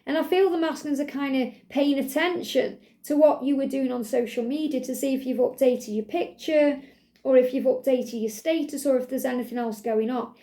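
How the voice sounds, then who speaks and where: A woman giving a channeled tarot love reading, gentle and reassuring, repeating herself with many "you know" fillers. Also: sits high, moderate pace. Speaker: tarot card reader.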